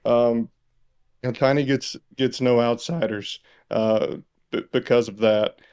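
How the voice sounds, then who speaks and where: Casting note: mid-pitched man from Mississippi, podcast co-host, loose and easygoing, quick to chuckle. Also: clear, resonant tone. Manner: relaxed, chuckles often. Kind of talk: casual podcast chat.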